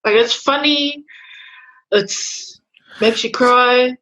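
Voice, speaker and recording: A New woman chatting casually as a guest, dropping wry and giggly asides. Her voice sits a little high. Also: takes it slowly, bright, forceful tone, low-quality recording. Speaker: podcast guest. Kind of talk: casual chat.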